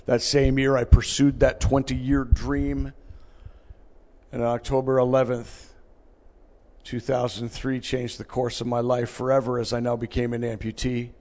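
A middle-aged man giving an emotional personal testimony to a live audience, telling his story earnestly and swinging between hushed and loud. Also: mid-range voice, little pitch movement, unhurried. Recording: long reverb of a large hall.

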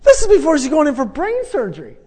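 A man's voice: very high voice, wildly swooping pitch, fast talker, warm tone. A middle-aged man preaching a testimony, telling a family story in an emphatic, conversational way with repeated phrases. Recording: long reverb of a large hall.

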